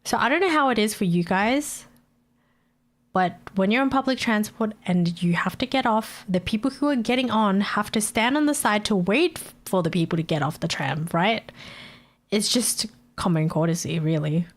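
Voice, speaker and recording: A woman's voice: medium pitch, expressive, moderate pace. A woman streamer chatting casually, ranting with frequent swearing and laughter. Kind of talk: casual live-stream chat.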